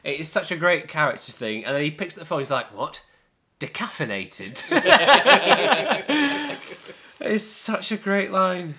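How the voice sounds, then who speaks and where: A man's voice: high voice, lively intonation, measured pace, a crowd in the background. A man hosting a casual film podcast, telling stories animatedly and laughing often. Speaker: podcast host.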